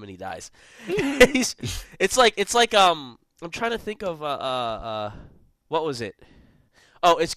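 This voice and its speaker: Man, podcast host, bright clear tone, rambling jokey delivery. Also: medium pitch, dry recording. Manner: rambling, jokey, lots of fillers. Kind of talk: casual podcast chat.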